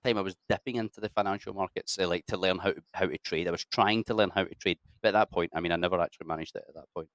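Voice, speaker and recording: A man in his thirties, an army veteran telling his story in a casual interview, blunt and sweary, calling people mate and lads, often clearing his throat. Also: sits low, steady tone, racing, few pauses, fairly bright tone, no echo.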